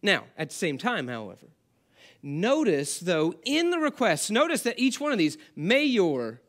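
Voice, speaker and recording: High-voiced man preaching conversationally. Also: big pitch swings, normal speed, a bit bright. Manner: conversational, asks the congregation questions. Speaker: pastor. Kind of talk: sermon.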